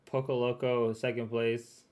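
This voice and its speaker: A man's voice: medium pitch, level tone, measured pace, darkish tone. Young male streamer, loose and chatty, laughs through his reactions, stumbles and repeats words. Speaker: streamer reacting to a recap video.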